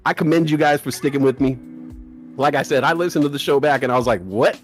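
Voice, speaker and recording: A man's voice: medium pitch, fast, soft background music. A man hosting a live trading stream, joking with his chat and laughing often. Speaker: livestream host. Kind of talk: casual livestream chat and scripted channel read.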